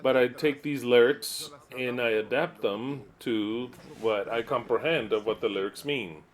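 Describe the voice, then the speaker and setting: A man's voice: medium pitch, measured pace. A man preaching to his listeners in an earnest teaching style, repeating his points and reading aloud and explaining them.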